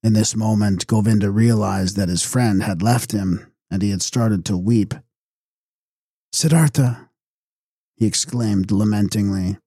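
A man narrating a novel as an audiobook in a calm, measured way. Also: fairly low pitch, husky, dry recording, studio quality. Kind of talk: audiobook reading.

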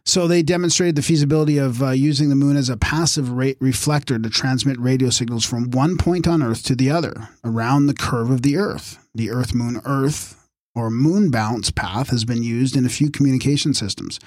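A man's voice: medium pitch, moderate pace, a little mellow, no echo, clean studio sound. A man co-hosting a podcast, reading from his notes with asides and losing his voice. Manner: reads notes aloud with asides. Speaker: podcast co-host. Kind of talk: casual chat, reading aloud.

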